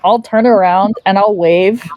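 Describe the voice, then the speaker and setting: A woman's voice: medium pitch, measured pace, dry recording, dull audio. A woman at a tabletop game talks through her character's moves in a chatty, casual way, with frequent laughs. Her voice sits in a middle register, recorded dry and close. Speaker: player. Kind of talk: casual tabletop role-play.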